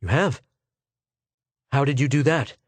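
A man's voice: mid-range voice, measured pace, dry recording, lightly acted. A man doing an impassioned galactic scholar. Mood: eager. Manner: earnest, rising and emphatic. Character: impassioned male galactic scholar, earnest and persuasive.

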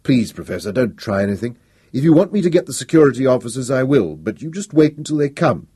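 A man's voice: medium pitch, very animated, fast, dark tone, slightly rough, no echo, clean studio sound. A man voicing a nervous, cautious young male student assistant who speaks in an anxious, pleading way.

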